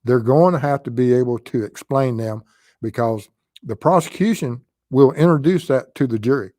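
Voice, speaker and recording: Mellow Southern man, halting live-stream talk. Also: medium pitch, dry recording. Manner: halting, with frequent pauses and fillers. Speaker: host of a true crime live stream.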